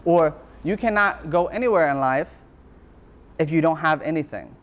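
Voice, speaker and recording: A man's voice: fairly high pitch, normal speed. A man, a university lecturer, giving a motivational talk and telling his own story in an earnest, reflective way, repeating phrases for emphasis.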